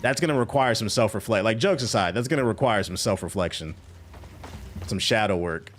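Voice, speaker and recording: A man's voice: lowish voice, animated, fairly quick, fairly bright tone, faint music behind. A man streaming a game and chatting casually with viewers in a joking, profane, rambling way. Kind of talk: casual chat while gaming.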